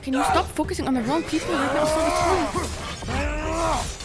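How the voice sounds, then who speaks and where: A woman's voice: high voice, steady tone, normal speed. Frantic swearing young woman streamer. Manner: frantic, swearing, chatty with viewers. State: stressed. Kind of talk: live gameplay commentary.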